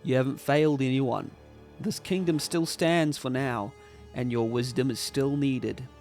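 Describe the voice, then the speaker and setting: A man's voice: mid-range voice, steady tone, unhurried, darkish tone, soft background music, close to an everyday voice. A man voicing a proud, defiant king who gives solemn commands.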